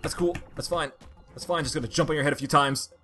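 A woman giving casual commentary over a platformer, talking to herself in frustration and bursting into loud complaints. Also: deep voice, steady tone, fast talker, soft background music. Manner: exasperated, frustrated self-talk that bursts into loud outbursts. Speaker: let's play gamer.

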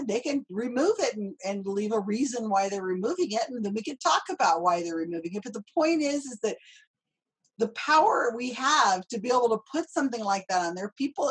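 Chatty breathy woman host. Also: fairly high pitch, rough recording. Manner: chatty, animated storytelling. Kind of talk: casual conversation.

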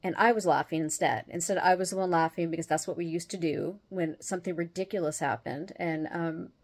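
A woman hosting her own show, telling a personal story in a casual, animated way and laughing as she goes. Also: on the low side, brisk. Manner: animated, acts out the other people's lines as she retells them; laughs often while telling. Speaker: host.

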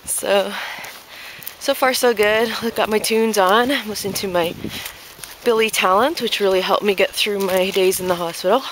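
A woman's voice: mid-range voice, fairly even intonation, moderate pace, fairly bright tone. Breathless woman chatting on a walk. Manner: rambling, chatty, many fillers. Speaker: vlogger walking her dog. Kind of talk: casual walk-and-talk vlog. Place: outdoors in a neighborhood park. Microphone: handheld camera while walking. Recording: noisy outdoor camera audio. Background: outdoor noise.

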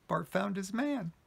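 A man hosting a storytelling vlog, telling an anecdote in an expressive way with frequent laughter. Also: high voice, gravelly, husky. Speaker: storyteller host.

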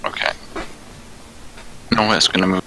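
A man's voice: low voice, flat delivery, a little slow, bright, forceful tone, a little hiss or hum, low-quality recording. A man playing a tabletop game, hesitant and asking about the rules. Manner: hesitant, asks rules questions. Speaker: player. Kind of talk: casual tabletop play.

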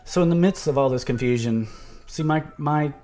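Man arguing his case over soft music. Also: on the high side, moderate pace. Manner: repeats and restarts words, reads quotes aloud, sarcastic. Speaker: video commentator. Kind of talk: argumentative video monologue.

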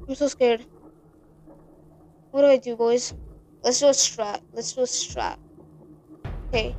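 A woman's voice: on the high side, unhurried, long pauses, darkish tone, a little hiss or hum. A woman hosting a horror game playthrough, rambling, jumpy and swearing a lot. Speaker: gaming channel host.

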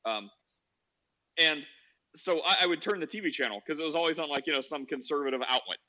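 A high-voiced man with a bright, forceful tone rambles through a casual story, leaning on constant "like" fillers. The audio is dull and lo-fi. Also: brisk. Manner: rambling, heavy use of "like" fillers. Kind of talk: casual anecdote telling.

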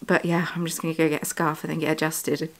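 A woman's voice: sits low, flat delivery, fast talker. Woman, british, casual vlog chat, rambling, self-correcting, home studio. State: has the hiccups. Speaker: yarn dyer and vlogger.

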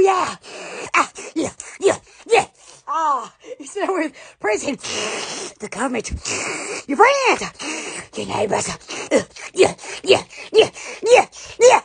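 Very high, giggly woman. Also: fairly bright tone. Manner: laughing a lot, exclaiming "oh, yes" over and over. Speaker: online shop owner on a live stream. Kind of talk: excited casual live stream chat.

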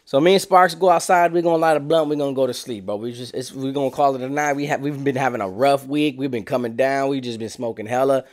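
A young man casually telling a street story, slangy and animated. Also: fast, hardly any pauses. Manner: slangy, animated, acts out quotes in lower voice.

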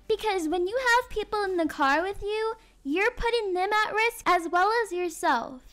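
A woman's voice: extremely high pitch, animated, moderate pace, pushed and bright. A young woman doing game role-play as a mother, giving bossy, step-by-step instructions. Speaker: roleplay narrator playing a mother.

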